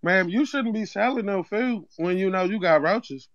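A man's voice: sits high, normal speed, crowd noise. A man voicing an irate young male customer with a put-on accent in a prank call, threatening and demanding in street slang. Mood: complaining. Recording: muffled phone-call recording.

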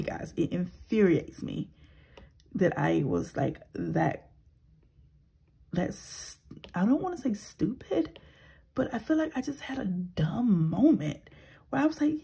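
A woman in her thirties chatting casually as a budgeting vlogger. She talks softly, slips into whispers while counting cash and rambles when she vents. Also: fairly low pitch, expressive, takes it slowly, vocal fry, a little hiss or hum, poor audio. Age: 30s. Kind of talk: casual vlog chat.

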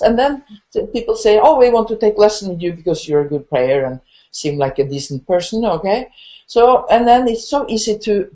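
An older woman from Norway with a Norwegian accent, a horn teacher talking as a guest on a live video call, animated and laughing as she acts out her students. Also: mid-range voice.

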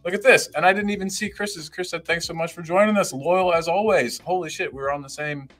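A man's voice: on the high side, steady tone, brisk, fairly bright tone. A man co-hosting a live podcast stream, upbeat and reading out viewer comments and greeting people by name. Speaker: podcast co-host.

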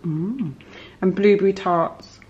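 A woman's voice: medium pitch, slow, lo-fi sound. A woman chatting casually in her home kitchen, filming a homely, rambling vlog. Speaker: vlogger. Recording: echoey kitchen, clear background noise.

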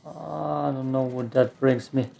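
A man's voice: mid-range voice, fairly even intonation, slow pace, creaky, warm tone. A man with a German accent, a native German speaker, giving rambling, self-mocking let's play commentary and cursing at the game. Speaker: gamer.

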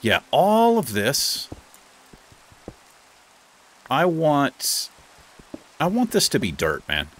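A man's voice: very slow, long pauses. Chatty man narrating his own gameplay. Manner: chatty, talks to the game animals, jumps into high excited bursts. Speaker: gaming host. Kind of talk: casual let's play commentary.

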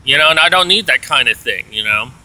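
A man's voice: mid-range voice, expressive, quick pace, sharp tone, rough recording. A man telling an aggrieved story in a rambling, casual rant, full of "you know"s. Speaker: vlogger.

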